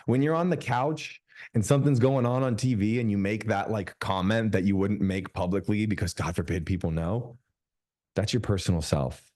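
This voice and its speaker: A male business coach teaching over a video call, his voice low-set and mellow. He talks emphatically, drawing out key phrases to drive them home. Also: steady tone. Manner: emphatic, slows down to stress points.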